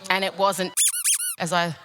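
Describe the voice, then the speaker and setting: A young woman co-hosting a live podcast show, telling animated, sweary stories on stage. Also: lowish voice, measured pace, very noisy. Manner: animated storytelling, swears freely. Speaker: podcast co-host.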